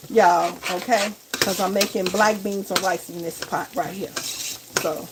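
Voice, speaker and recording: A woman's voice: on the low side, fairly even intonation, unhurried. Chatty woman cooking over sizzling pans. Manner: chatty, keeps calling viewers y'all and baby. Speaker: home cook and vlogger. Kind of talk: casual live cooking vlog. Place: home kitchen. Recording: kitchen recording with loud sizzling noise. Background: frying and sizzling in the pan.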